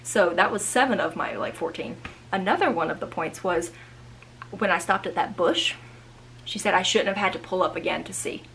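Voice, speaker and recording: A woman of about thirty telling a personal story in a chatty, animated vlog monologue with frequent asides. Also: on the low side, moderate pace, a little hiss or hum, rough recording. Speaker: vlogger. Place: indoors at home.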